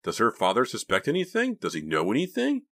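A man voicing a frightened teenage boy in an audiobook, glum and prone to excited cries. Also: medium pitch, a little fast, dry recording, studio quality, voice pushed up, exaggerated voice. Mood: worried. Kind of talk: audiobook reading.

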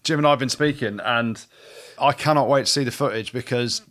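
A man's voice: mid-range voice, brisk, fairly bright tone. A man with a mid-range voice hosts a casual podcast chat. He keeps poking fun at his co-host's stories and pushing him for the embarrassing details. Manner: teasing, ribbing his co-host. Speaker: podcast host.

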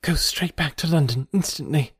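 A secretive young woman with a low, eager voice and a slight lisp, put on by a man reading an audiobook. Her lines are pitched high above his own and pressed into hushed, hurried pleas. The studio sound is dry and close. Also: slightly rough, no echo. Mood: urgent. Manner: pleading in hushed, hurried warnings. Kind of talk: audiobook character voice.

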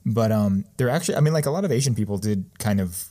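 A man's voice: lowish voice, animated, fast, dark tone. A man co-hosting a podcast in casual chat, speaking thoughtfully with hesitations. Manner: thoughtful, hesitant, filler-laden. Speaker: podcast co-host.

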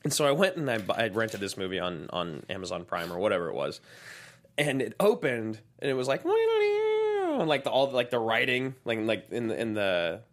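A man co-hosting a casual movie podcast, his voice swinging lively up and down. He stumbles and restarts as he tells his stories. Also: mid-range voice, normal speed. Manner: animated, laughing, stumbling restarts. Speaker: podcast co-host.

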